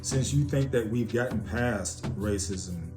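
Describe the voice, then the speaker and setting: A man introducing a sermon, slow and emphatic, repeating his points. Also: fairly low pitch. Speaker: host. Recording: loud music behind.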